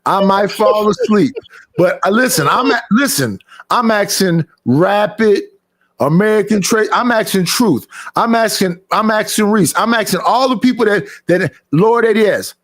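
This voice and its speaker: A middle-aged man hosting a livestream in a casual chat, telling animated stories. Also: high voice, unhurried. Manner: animated storytelling with acted quotes. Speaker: livestream host.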